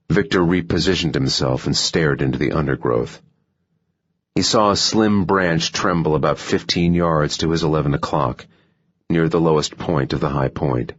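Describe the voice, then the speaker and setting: A man reads a thriller audiobook in a steady, measured way. His voice sits very low and sounds husky. The recording is a little muffled. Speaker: audiobook narrator. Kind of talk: scripted narration.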